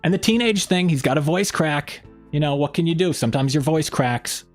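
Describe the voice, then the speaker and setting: The host, a man, speaks a little fast over faint background music in a laid-back live-stream chat. He rambles with many fillers and restarts, and his jokes bring lively shifts in pitch.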